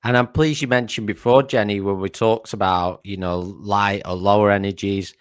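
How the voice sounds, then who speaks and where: A male co-host with a lowish voice, speaking in a measured, reflective way as he builds on the conversation. The sound is dry, without room echo. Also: steady tone, clear, resonant tone. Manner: reflective, picks up the guest's points. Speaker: podcast co-host. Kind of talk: casual interview chat.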